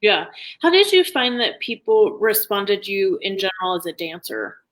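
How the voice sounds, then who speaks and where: A woman hosting a casual interview, asking relaxed, friendly questions. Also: medium pitch, normal speed, a little hiss or hum, rough recording. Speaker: interview host.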